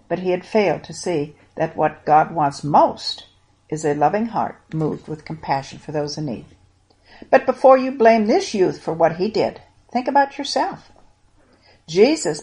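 A woman narrates a Bible story for children with expressive, moralizing delivery. She turns often to speak directly to the listener. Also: on the low side.

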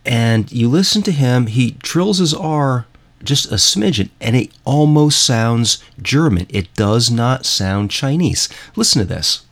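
A man's voice: mid-range voice, lively intonation, unhurried, slight background noise. A man hosting a show, talking in a rambling, emphatic way and repeating himself as he introduces music clips. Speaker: host. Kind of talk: casual monologue playing music clips.

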